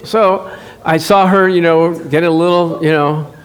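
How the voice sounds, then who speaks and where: A middle-aged man preaching a sermon, telling a married-life story with animated acted-out dialogue and frequent chuckles. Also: a little high, unhurried, clear, resonant tone. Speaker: pastor. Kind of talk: sermon with personal stories.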